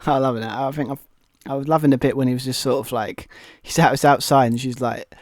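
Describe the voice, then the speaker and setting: A man's voice: mid-range voice, steady tone, a little fast, a little mellow, no echo, clean studio sound. A British man co-hosting a wrestling podcast, rambling casually with lots of restarts and fillers. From Britain. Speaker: podcast co-host. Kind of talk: casual chat.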